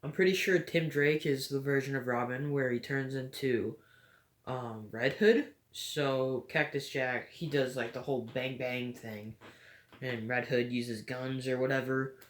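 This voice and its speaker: A woman giving casual gameplay commentary, rambling and hesitant with frequent stutters and a low-energy, halfhearted delivery. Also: steady tone, measured pace. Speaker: gaming vlogger. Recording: echoey room.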